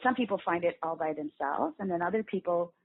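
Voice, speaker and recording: A woman voice actress being interviewed, animatedly explaining how she builds voices, sometimes dropping into quick demo voices. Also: fairly low pitch, animated. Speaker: voice actress guest. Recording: phone-like lo-fi call audio.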